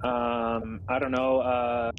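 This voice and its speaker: A young man at middle pitch leads his squad over voice chat, stopping and restarting often with many fillers. His voice is ordinary and easygoing, the tone of casual team talk during a game. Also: little pitch movement, phone-quality sound, a little hiss or hum. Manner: halting, full of fillers and restarts. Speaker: squadron leader and streamer.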